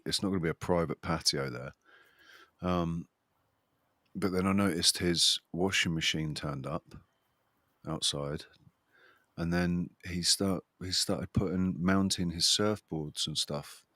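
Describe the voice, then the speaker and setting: A man's voice: extremely low pitch, bright, forceful tone, no room sound. A man hosting a livestream in casual chat, rambling and restarting his sentences, with a chuckling laugh. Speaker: livestream host.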